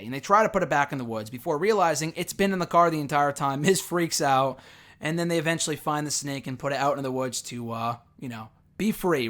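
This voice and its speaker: A man's voice: on the high side, a bit bright. A young man casually recapping a reality show episode, rambling with frequent fillers and self-corrections. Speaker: show reviewer.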